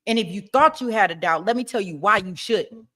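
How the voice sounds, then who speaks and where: Forceful prosecutor, as a woman acts him out. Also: mid-range voice, close to an everyday voice. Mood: insistent. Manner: slow, emphatic, pressing. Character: forceful male prosecutor giving closing.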